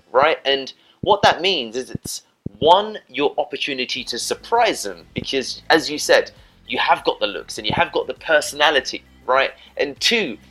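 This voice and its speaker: A man's voice: mid-range voice, pushed and bright, low-quality recording. A man giving dating advice in a casual, rambling monologue to camera, often adding "you know" and "right?". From Britain.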